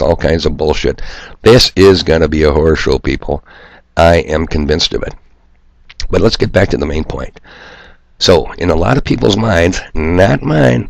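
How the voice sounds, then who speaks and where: A man's voice: low-pitched, gravelly, no room sound. A middle-aged man with a nasal twang and hay fever, ranting to his viewers in a sarcastic, profane monologue. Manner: sarcastic, profane, self-mocking. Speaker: solo video commentator.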